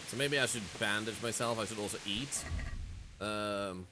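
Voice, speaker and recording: A man's voice: lowish voice, normal speed, noisy background. A man streaming a game, commenting in a playful, joking way with frequent exclamations. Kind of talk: gameplay commentary.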